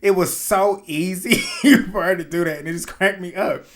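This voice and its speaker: In a slightly higher-than-usual voice and at a moderate pace, a man offers casual recap commentary on a reality show. He's animated, loose and opinionated, laughs often, and swears freely.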